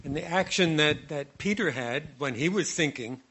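A man from the congregation speaking up slowly and deliberately during a church service. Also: fairly high pitch, lively intonation, bright, forceful tone, a little hiss or hum. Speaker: congregation member.

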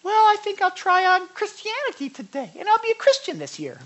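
A preacher putting on a high, mocking voice for a fickle, half-hearted churchgoer who treats faith casually. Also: wildly swooping pitch, brisk, fairly bright tone, heavily acted, rough recording. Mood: flippant. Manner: flippant and airy.

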